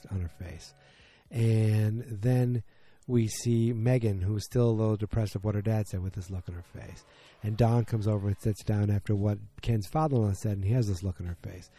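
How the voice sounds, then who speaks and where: Low, dark-voiced man recapping casually. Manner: rambling, many fillers and restarts. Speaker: podcast host. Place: home basement.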